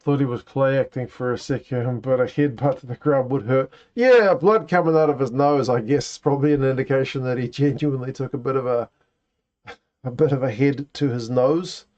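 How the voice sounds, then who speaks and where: A man's voice: medium pitch, little pitch movement, brisk, dark tone. A man hosting a casual live watch-along, reacting to play and chatting with viewers. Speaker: livestream host. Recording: dull lo-fi stream audio.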